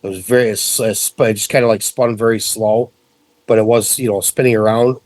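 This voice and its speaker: Low-voiced man telling a story casually. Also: a little fast, dry recording. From central New York. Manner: animated, profane storytelling. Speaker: podcast guest.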